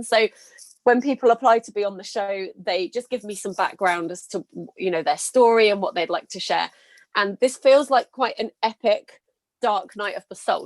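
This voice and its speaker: Chatty British woman hosting a podcast. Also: medium pitch. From Britain. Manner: chatty and enthusiastic, laughs easily. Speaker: podcast host. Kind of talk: podcast interview.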